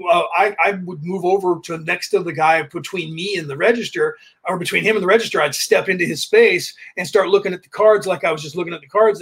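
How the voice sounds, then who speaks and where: A man with a rather high, husky voice tells a story in a loose, chatty way. He hosts a podcast and keeps slipping into the voices of the people in his anecdote, acting out what each one said. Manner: animated, re-enacts dialogue while telling stories. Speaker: podcast host.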